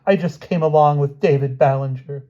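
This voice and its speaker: A man's voice: on the low side, brisk, dark tone, highs cut off, natural voice. A man voicing a theatrical young schoolgirl who pleads dramatically. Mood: begging.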